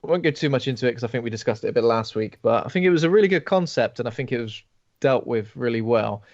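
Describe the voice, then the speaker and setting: A man co-hosting a casual horror podcast, chatting in a relaxed way about films he watched. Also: medium pitch, quick pace, dull audio. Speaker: podcast co-host. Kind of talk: casual chat.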